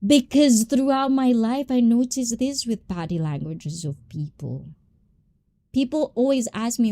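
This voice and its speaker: A woman hosting a live stream, chatting with viewers in an animated, passionate way and switching between English and Tagalog. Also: on the high side, measured pace, dry recording. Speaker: livestream host.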